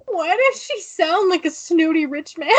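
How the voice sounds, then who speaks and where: A young adult woman co-hosting a podcast, wisecracking, blunt and quick to laugh in casual chat. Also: very high-pitched, lively intonation, no echo. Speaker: podcast co-host.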